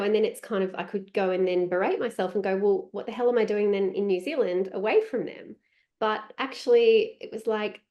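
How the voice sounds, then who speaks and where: Mellow-voiced woman chatting on a podcast. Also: mid-range voice. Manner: chatty and reflective, quoting herself. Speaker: guest. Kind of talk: conversational podcast interview.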